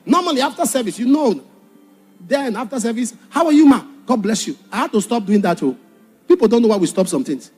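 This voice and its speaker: Brief: high-pitched male preacher, impassioned, husky, over soft background music. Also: lively intonation, fairly quick. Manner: impassioned, shifts from shouted warnings to hushed storytelling. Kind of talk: sermon.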